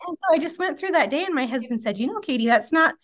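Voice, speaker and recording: A woman's voice: high voice, animated, fast talker, a bit bright. A woman in her thirties, a guest in a casual interview, talking earnestly with frequent laughs and trailing restarts. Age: 30s.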